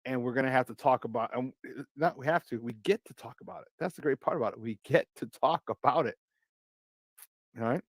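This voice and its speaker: Joking Chicago sports radio host. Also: male voice, medium pitch, no echo, clean studio sound. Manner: loose, joking, shout-outs to listeners. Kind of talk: morning show rundown.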